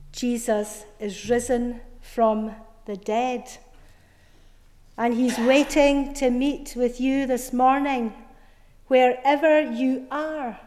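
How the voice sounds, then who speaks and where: A middle-aged woman preacher giving an Easter sermon, telling her story earnestly with soft, emphatic repetitions. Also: fairly high pitch, long reverb tail. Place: church.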